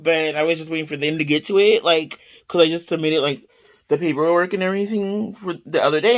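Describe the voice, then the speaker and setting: A woman talking casually to her viewers in a relaxed home vlog. She rambles from one thought to the next, filling gaps with "like" and "um." She breaks into giggles often. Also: low voice, smooth. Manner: rambling, giggly, lots of fillers. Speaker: vlogger. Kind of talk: casual chatty haul vlog.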